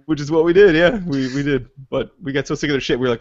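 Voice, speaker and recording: Fast-talking profane man telling stories. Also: fairly high pitch, no room sound, highs cut off. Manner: rambling, profane, laughs through his stories. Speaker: podcast co-host, army veteran. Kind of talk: casual podcast storytelling.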